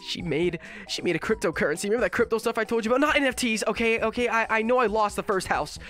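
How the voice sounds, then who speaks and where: A man's voice: sits high, fast, a bit bright. A sick man with a nasal voice, voicing a gullible husband pleading with his wife.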